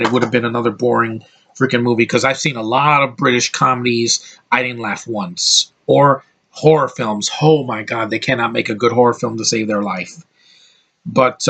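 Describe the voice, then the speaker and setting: A man's voice: mid-range voice, fairly bright tone, breathy edge. An American man giving a casual, rambling film review, blunt and opinionated, swearing freely and restarting his sentences often. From United States. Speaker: movie reviewer.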